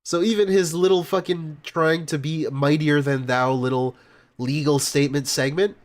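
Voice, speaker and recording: A man's voice: on the high side, fairly even intonation, normal speed. A man casually commenting on a streamer's clips, sarcastic and profane, mocking what he hears. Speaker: stream reactor.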